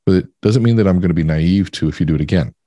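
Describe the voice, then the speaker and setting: A man with a husky, very low voice shares stories and ideas in a podcast interview. His manner is emphatic and reflective. The recording is dry and close. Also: rapid-fire, dark tone, dry recording. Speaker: podcast guest. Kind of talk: conversational interview.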